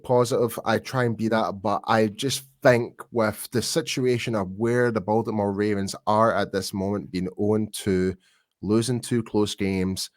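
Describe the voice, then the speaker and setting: A man's voice: fairly low pitch, dry recording, studio quality. A man co-hosting a sports podcast in casual chat, chatty and self-deprecating, laughing easily. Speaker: podcast co-host.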